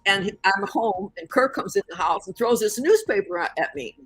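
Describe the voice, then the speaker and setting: An older woman from the Chicago area, a guest in an interview, telling a story with lively acted-out voices. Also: mid-range voice, brisk, husky, no echo, soft background music, poor audio. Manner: animated storyteller who acts out the voices in her story.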